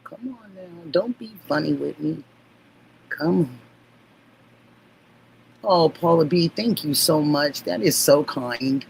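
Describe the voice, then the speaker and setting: A woman hosting a livestream, chatting warmly with viewers and laughing often. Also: deep voice, expressive, takes it slowly, vocal fry, pauses often, a little hiss or hum, rough recording. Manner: gushing, affectionate, laughs often. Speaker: livestream host. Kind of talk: casual livestream chat.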